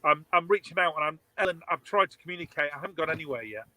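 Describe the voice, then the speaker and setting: A man's voice: a little high, expressive, racing, bright, forceful tone, dry recording, rough recording. A man, a guest author and artist in a casual chat, emphatic and enthusiastic and prone to repeating words.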